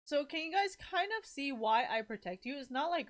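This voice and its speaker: Young woman, livestream chat, slightly high voice, rambling, emotional, swears a lot, filler-heavy. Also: animated, moderate pace. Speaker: streamer.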